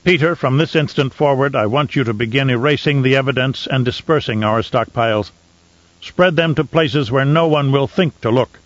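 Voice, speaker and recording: A man reading an audiobook, voicing a furious, vain, blustering Baron who shouts his orders. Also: mid-range voice, normal speed, no room sound, dull audio, lightly acted. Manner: loud, blustering, spiteful. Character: raging, vain, cruel male Baron.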